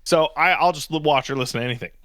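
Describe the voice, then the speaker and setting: A man co-hosting a podcast, casually telling animated stories and throwing joking insults. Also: a little high, very fast, dry recording, studio quality. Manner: animated storytelling, jokey insults. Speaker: podcast co-host. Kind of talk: casual chat.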